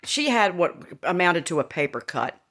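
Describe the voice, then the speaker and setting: A woman's voice: fairly low pitch, very animated, moderate pace, a bit bright. A woman in her fifties telling a candid, rambling personal story to her viewers, with laughing asides. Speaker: vlogger. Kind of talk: casual storytelling to camera.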